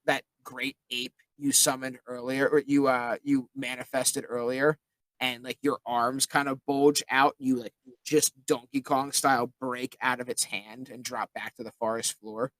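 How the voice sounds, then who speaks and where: A man's voice: medium pitch, little pitch movement, moderate pace, fairly bright tone, dry recording, low-quality recording. A man narrating as game master of a tabletop game, describing scenes casually with lots of filler words.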